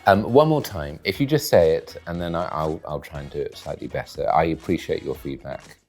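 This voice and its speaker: Deadpan man with a low, husky voice, dry and wordy, in a studio. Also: fairly quick, faint music behind. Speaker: guest taste-testing food. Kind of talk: deadpan comic commentary.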